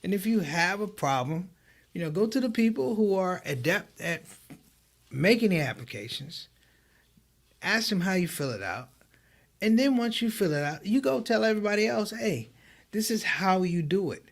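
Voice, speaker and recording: A man who is a comedian, a guest on a live online show, telling stories in an animated way and quoting others in a raised voice. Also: high voice, normal speed, creaky. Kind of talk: livestream conversation.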